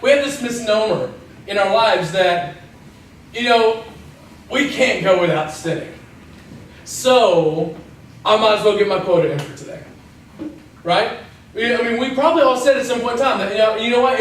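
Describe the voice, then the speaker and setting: A man giving a casual, jokey sermon, acting out the people in his stories. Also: sits high. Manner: chatty and jokey, acts out voices in stories. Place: church. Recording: distant mic in an echoey church hall with faint noise.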